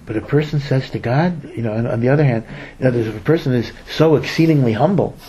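A man's voice: mid-range voice, fast, mellow, poor audio. Man giving a storytelling Torah sermon. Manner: storytelling, repeats words for emphasis; acts out quoted speakers. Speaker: rabbi teaching Torah.

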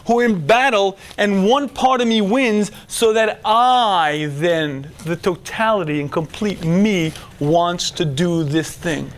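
A middle-aged man giving a religious lecture to men, animated, dropping to a hush and then shouting as he acts out inner voices. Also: high-pitched. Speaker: religious teacher. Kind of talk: lecture to a men's audience.

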